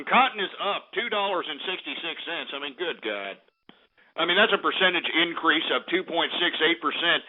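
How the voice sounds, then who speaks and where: A man hosting a comedic show, ranting in an angry, profane, blustering monologue over tinny phone-like audio. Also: high-pitched.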